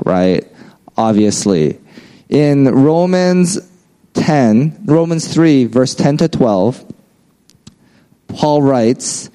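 A man's voice: medium pitch, mellow, poor audio. A man giving a casual, conversational sermon, often checking in with "right?". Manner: conversational, frequent "right?" tags. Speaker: preacher.

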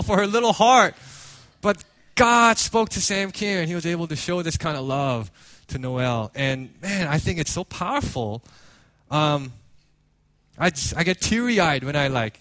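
A man preaching a sermon, telling a story with animated acted-out quotes and frequent casual fillers. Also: high voice, no room sound. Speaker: pastor.

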